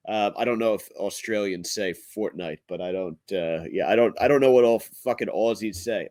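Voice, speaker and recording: A man hosting his own comedy show, delivering a profane rant in a blunt, crude, halting way. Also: lowish voice, darkish tone, no room sound. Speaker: podcast host and comedian.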